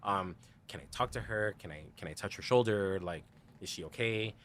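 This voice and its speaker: A lowish male voice, moderate in pace and a bit bright, with slight background noise. The man is a podcast guest sharing a candid story from his life, full of "like" and "you know," quoting others in dialogue and laughing frequently.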